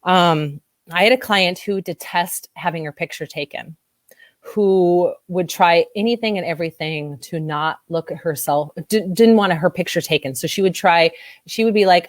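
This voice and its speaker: A woman's voice: fairly low pitch, normal speed, no echo, clean studio sound. A woman body-image coach telling a client story in an interview, emotional and teary, gushing as she quotes herself. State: teary-eyed.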